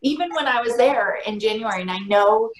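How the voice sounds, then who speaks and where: A woman's voice: fairly high pitch, animated, fairly quick. A woman hosting a casual interview, affirming and encouraging her guest. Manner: warm affirming, frequent encouraging responses. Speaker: podcast host. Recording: echoey room with faint noise.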